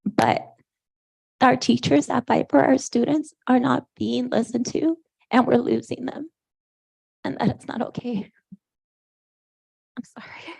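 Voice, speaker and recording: A woman's voice: high-pitched, fairly even intonation, measured pace, gravelly, darkish tone, husky. A woman, a parent, giving an emotional public comment at a school board meeting, her voice breaking as she speaks.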